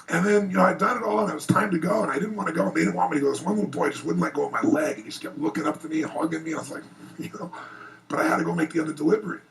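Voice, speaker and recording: A man speaking to an audience at a private event, telling a heartfelt personal story with earnest, animated delivery. His voice is gravelly and sits a bit high for a man, and he is picked up from some distance from the mic. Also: very fast. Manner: earnest, animated, rising excitement in retellings. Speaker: motivational speaker. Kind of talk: emotional personal storytelling speech.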